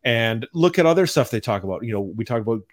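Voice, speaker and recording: A man hosting a podcast, delivering a calm, mild-mannered rant in casual chat. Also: medium pitch, quick pace. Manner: even-toned, mild-mannered ranting. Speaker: podcast host.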